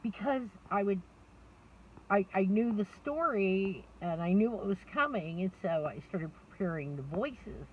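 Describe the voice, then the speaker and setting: A woman's voice: medium pitch, animated, a little slow. A middle-aged woman rambling candidly to camera, laughing often and mocking herself. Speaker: vlogger. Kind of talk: candid personal monologue. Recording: distant, dull lo-fi mic with faint noise.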